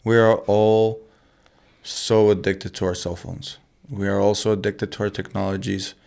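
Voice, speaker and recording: A man's voice: lowish voice, level tone, normal speed, creaky, a little mellow. A man in casual podcast chat who stumbles over his words with repeated restarts and keeps calling his friend dude.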